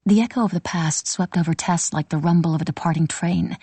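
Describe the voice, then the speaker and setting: A woman reading a historical novel aloud as an audiobook narrator, steady and measured. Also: fairly low pitch, slightly rough, no echo.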